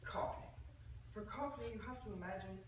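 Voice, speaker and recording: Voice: mid-range voice, moderate pace, natural voice. A performer playing a pompous, self-important accent coach who lectures in a put-on British accent, with theatrical, condescending asides. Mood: mock-serious. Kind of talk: humorous interpretation performance. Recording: echoey room, from far off, noisy.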